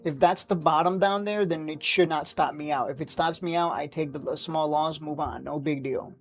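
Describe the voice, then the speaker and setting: A man hosting a stock trading livestream, talking casually and excitably, rambling, cursing now and then, and laughing at his own jokes. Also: a little high, moderate pace. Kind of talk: live market commentary.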